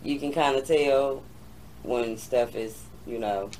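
A man's voice: mid-range voice, slow pace, darkish tone. Chatty male interviewer, off mic. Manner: chatty, loose, says "you know what I'm saying". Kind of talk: casual interview chat. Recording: distant mic, faint background noise.

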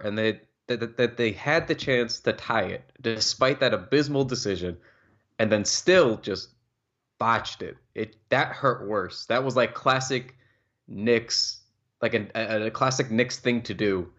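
Young male podcast co-host, heated ranter with a low voice, slightly dull lo-fi sound. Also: a little slow, a bit bright. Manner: heated, ranting, swears freely. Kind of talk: casual sports chat.

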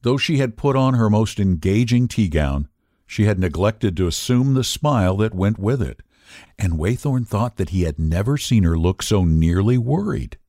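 Male audiobook narrator, measured and expressive, low and lively. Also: dry recording, studio quality. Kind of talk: scripted narration of a classic novel.

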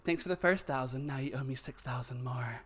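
A man's voice: mid-range voice, fairly quick, husky. Campy young man co-hosting a podcast. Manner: playful, laughs often, campy banter. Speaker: podcast co-host. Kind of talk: casual chat.

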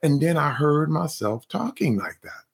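Male guest, former athlete, expressive storyteller who acts out his own quotes, wide pitch swings. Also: moderate pace, gravelly. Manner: animated, acts out his own past lines. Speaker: guest, former pro football player. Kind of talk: personal storytelling in an interview.

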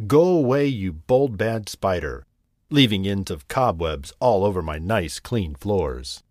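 A man's voice: sits low, lively intonation, measured pace, a little mellow, no echo, clean studio sound. A man voicing a fussy, tidy little female house mouse in a storybook reading, prim and scolding.

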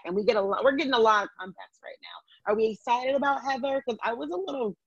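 A woman's voice: mid-range voice, no room sound, highs cut off. A woman hosting a podcast in casual chat, wry and joking at her own expense. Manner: wry, joking, self-mocking. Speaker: podcast host.

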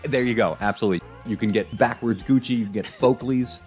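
A man guest on a podcast, telling a personal story in a casual, animated way, acting out his parents' voices. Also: medium pitch, quick pace, faint music behind.

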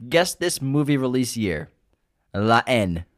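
A man's voice: mid-range voice, big pitch swings, slow pace. A man co-hosting a movie podcast, chatting casually, running a quiz and laughing often. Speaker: podcast co-host.

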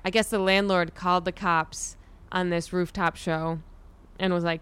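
A young woman in casual conversation with a smooth, resonant voice sitting a bit low. She rambles through her stories, swears freely and laughs along as she goes. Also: steady tone, moderate pace, a bit bright. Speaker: comedian and podcast host. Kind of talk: casual chat.

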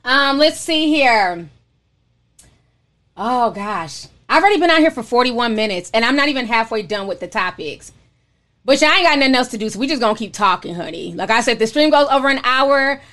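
High-voiced chatty woman streaming live. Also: expressive, normal speed, fairly bright tone. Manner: chatty, reads super chats aloud, frank and profane. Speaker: livestream host. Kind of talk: casual livestream chat.

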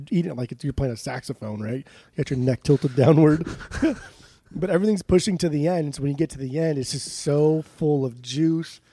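A young man chats loosely and laughs at his own riffs in a casual podcast. His voice sits a little high with a warm, mellow tone. The sound is dry and close, with no room around it. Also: slightly rough, no room sound. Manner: goofy, laughs often, rambling riffs. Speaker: podcast co-host. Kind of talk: casual chat.

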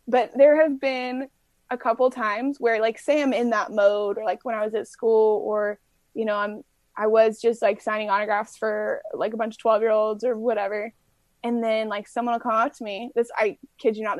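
A young woman, a softball player, chatting as an interview guest, telling stories with quick laughs and acted-out quotes. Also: a little high, dry recording. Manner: animated storyteller, acts out quotes, laughs often. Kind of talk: casual interview chat.

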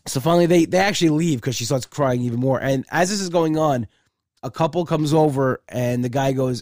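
A man's voice: medium pitch, fairly quick, darkish tone, no room sound, studio quality. A male comedian telling a story casually and chattily, acting out both sides with repeated "I said".

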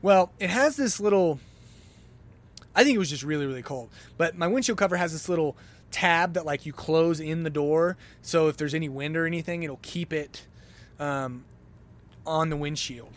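This is a man hosting his own talk show, telling a personal story as a loose monologue. His voice sits a little high, and he keeps it conversational. He jumps into lively acted-out exclamations as he goes. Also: normal speed. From lives in Denver, Colorado. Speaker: podcast host.

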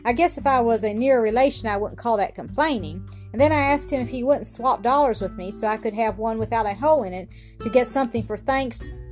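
Eager thirteen-year-old farm boy, read by a woman: folksy country speech, bright and high. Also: a little fast, soft background music, lightly acted.

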